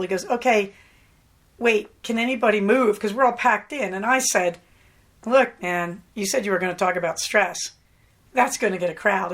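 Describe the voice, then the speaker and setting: A woman hosting a podcast, telling a story in a casual monologue, animated and laughing often, acting out the voices of the people she quotes. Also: medium pitch. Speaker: podcast host.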